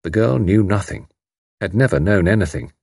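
A man reads a story aloud in a measured, expressive way. His low voice is slightly husky and moves animatedly in pitch, recorded close and dry. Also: dry recording. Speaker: narrator. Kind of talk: scripted audiobook narration.

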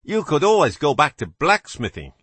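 A male narrator plays an older man with a British accent who carries himself as the great detective. He speaks dryly and precisely, slightly higher than the narrator's own voice. The sound is husky and dry. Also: huge pitch swings, moderate pace, fairly bright tone, no room sound, exaggerated voice. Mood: cool, assured.

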